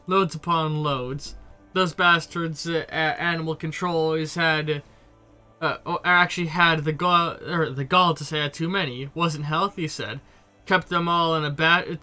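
A man's voice: on the high side, pushed and bright. Grumpy lizard-hoarding survivor, read by a man. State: stuffy from a cold.

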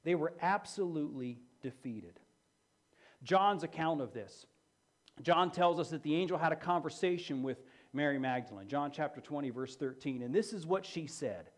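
A man's voice: fairly high pitch, expressive, moderate pace. A man preaching a sermon as pastor, emphatic and repeating key phrases for effect.

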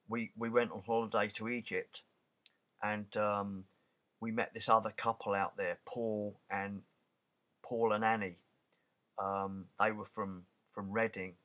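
A man's voice: fairly low pitch, bright, forceful tone. A man in his forties talking casually to camera, rambling, with many fillers and restarts. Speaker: channel host. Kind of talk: casual spoken commentary.

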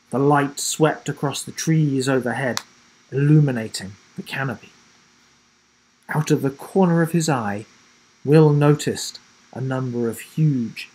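Slow, husky man reading a story aloud. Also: low-quality recording. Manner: dramatic, dropping low and soft for suspense; self-corrects and rereads slips. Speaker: storybook reader. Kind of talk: children's story read-aloud.

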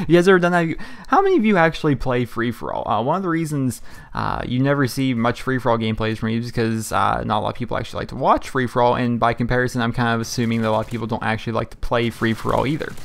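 Fast-talking gaming commentator man. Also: medium pitch, gravelly. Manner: rambling, chatty, frequent fillers and restarts. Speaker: gaming YouTuber. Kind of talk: casual gameplay commentary.

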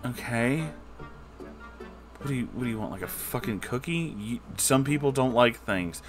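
A man's voice: mid-range voice, lively intonation, moderate pace, faint music behind. A man giving comedic, sarcastic commentary while reading a book aloud, exasperated and swearing freely.

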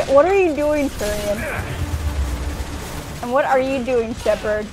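A woman's voice: a little high, slow pace, pauses often, over music. A woman doing gameplay commentary at home, chatty and grumbling at the game and the controller. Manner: chatty, scolds the game, soothes her dog. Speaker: let's play host. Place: home room.

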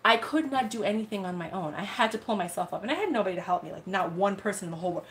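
A young woman talks casually to her livestream viewers in an animated, slang-filled way. Her voice sits at a middle pitch. She jumps between stories with lively asides. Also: racing, a little hiss or hum. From United States. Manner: chatty, animated storytelling with slang. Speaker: live sale host.

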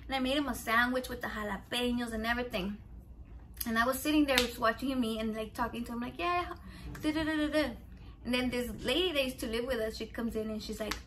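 A woman's voice: a little high, steady tone, fast talker, fairly bright tone, slight background noise. A woman in her thirties cooking at home, telling rambling, profane stories and mixing in Spanish words. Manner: rambling, profane, chatty storytelling; mixes Spanish words into English. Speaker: cooking vlogger. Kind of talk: casual cooking vlog chat.

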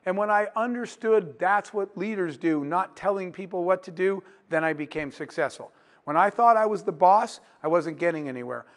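A man with a fairly high voice speaks as a guest lecturer on leadership. He tells his story with animation and slips into the voices of the people in it. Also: moderate pace. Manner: animated storyteller acting out dialogue.

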